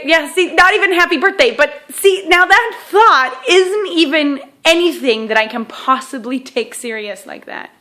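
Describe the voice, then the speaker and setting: A woman's voice: on the high side, fairly bright tone. Chatty woman coaching with frequent check-ins. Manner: self-deprecating humor. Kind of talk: teaching a self-help exercise to camera.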